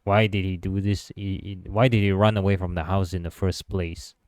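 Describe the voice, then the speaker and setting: A man making casual gameplay commentary, excitable and joking as he reacts. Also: deep voice, moderate pace, no room sound, studio quality. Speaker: gaming video creator.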